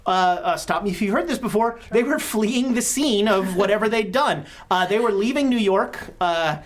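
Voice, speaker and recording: A woman's voice: medium pitch, expressive, normal speed. A woman running a tabletop horror game as game master, chatty and full of joking asides.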